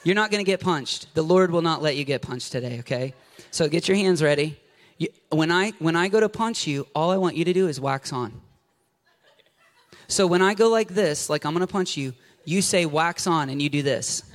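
A man preaching an animated, jokey sermon to a congregation, acting out scenes with a volunteer from the audience. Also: a little high, normal speed. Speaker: pastor. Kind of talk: lively sermon with audience interaction. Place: church sanctuary before a congregation.

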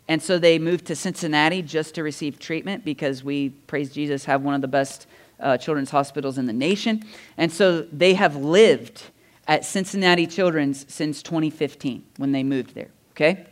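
A male pastor delivers his sermon like a chat with friends. He has a slightly high, clean, smooth voice and tells stories with lively asides and quick laughs. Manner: animated, conversational storytelling with laughs and asides. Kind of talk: sermon storytelling. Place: church.

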